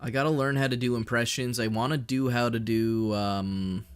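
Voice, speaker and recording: A young Canadian man streaming, chatting casually with his chat in a fairly monotone voice, swearing and joking as he rambles. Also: medium pitch, moderate pace, clean tone. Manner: rambling, profane, jokey, reads and answers chat.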